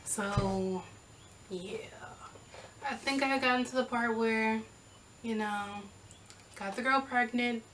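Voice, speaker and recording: A young woman vlogger telling a casual storytime, sassy and animated as she acts out the back-and-forth. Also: a little high, slow, long pauses, far from the mic, a little hiss or hum, rough recording.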